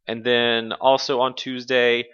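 A man's voice: medium pitch, little pitch movement, unhurried, fairly bright tone, smooth, highs cut off. A man hosting a casual games podcast, talking loosely, swearing and laughing often. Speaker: podcast host. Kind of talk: casual chat.

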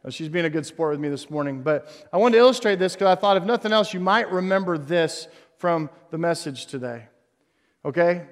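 A male pastor preaching a sermon on stage, animated and jokey, swinging between loud emphasis and hushed tones. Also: a little high, brisk, long reverb tail. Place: church stage before a congregation.

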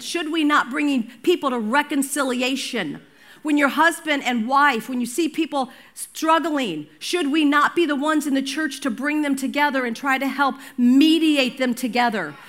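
An older woman pastor delivers a sermon with a notably high-pitched voice. She talks conversationally and with energy, mixing scripture with personal anecdotes and playful asides to the congregation. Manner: animated, conversational preaching with storytelling asides.

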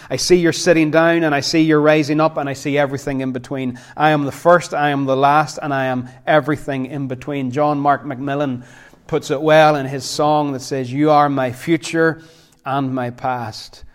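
A man preaching a sermon as pastor, impassioned, repeating phrases for emphasis and dropping to quiet intensity. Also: on the high side, fairly even intonation, moderate pace.

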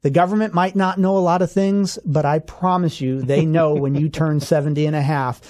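A man co-hosting a radio finance show, explaining rules step by step in a steady, clear way. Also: a little high, moderate pace. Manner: steady explanatory, walks through examples step by step. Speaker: financial advisor co-host.

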